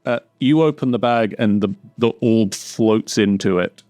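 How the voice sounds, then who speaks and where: Low-voiced man running a tabletop game. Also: unhurried, a little mellow, no echo, studio quality. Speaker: game master.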